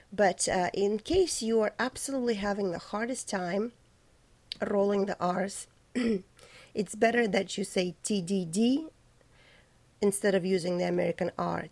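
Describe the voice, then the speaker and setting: Slow, mellow-voiced woman choir director. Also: lively intonation. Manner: demonstrates parts by singing syllables high and light. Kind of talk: choral diction lesson.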